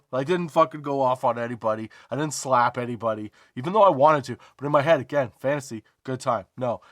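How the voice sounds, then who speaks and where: Guy ranting on his comedy podcast, swears a lot, mid pitch, dry close sound. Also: a bit bright, no echo. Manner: profane, emphatic storytelling; drawn-out emphasis, rhetorical asides.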